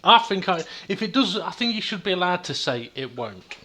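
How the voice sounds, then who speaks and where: A man from the UK hosting a casual podcast chat over a call, hesitant with many ums and quick laughs. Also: high-pitched, very animated, pushed and bright. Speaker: podcast host.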